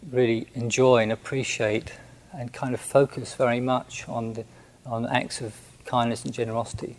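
A man who is a Buddhist monk, recounting a personal story in a gentle, hesitant way with many restarts. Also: mid-range voice, gravelly, low-quality recording.

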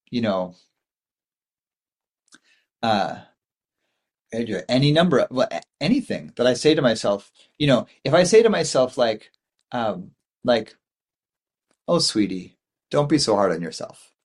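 A man in his forties giving a dharma talk as a Buddhist meditation teacher, rambling and thoughtful, with many fillers and restarts. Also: medium pitch.

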